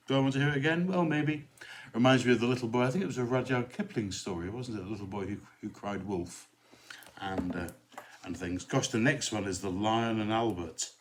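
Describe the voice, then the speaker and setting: A man's voice: lowish voice, slight background noise. A male rector hosting his own podcast, reciting a comic poem and chatting in a rambling, easygoing way with many asides. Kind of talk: casual solo chat and poem recitation.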